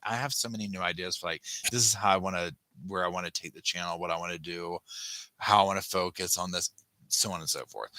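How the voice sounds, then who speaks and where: A man's voice: deep voice, pushed and bright, dry recording. A man hosting a casual live chat, rambling and restarting his sentences as he thanks viewers by name. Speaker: livestream host.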